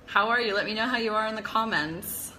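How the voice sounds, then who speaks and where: Live-stream host, woman: bright tone, confessional chatter over a faint hiss. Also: medium pitch, fairly quick, low-quality recording. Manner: chatty, confessional, greets viewers by name. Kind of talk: casual live-stream talk.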